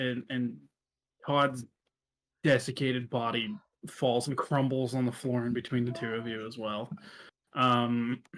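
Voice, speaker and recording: A man narrating a tabletop game as game master, with a rambling, hesitant delivery full of fillers. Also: mid-range voice.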